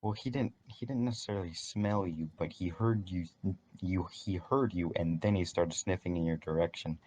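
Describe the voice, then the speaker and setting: A man narrating as game master in a casual tabletop session, with halting restarts. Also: low-pitched, a little mellow, slight background noise.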